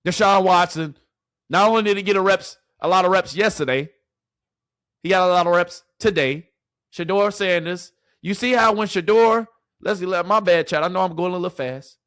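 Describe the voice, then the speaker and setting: A man's voice: high-pitched, normal speed, a bit bright, no echo, clean studio sound. A man ranting to his live chat as a sports commentator, repeating rhetorical questions in exasperation.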